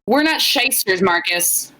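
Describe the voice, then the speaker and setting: A woman's voice: mid-range voice, expressive, measured pace, bright, forceful tone, low-quality recording. A young woman co-hosting a podcast, blunt and joking as she reads fan fiction aloud in casual chat. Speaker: podcast co-host.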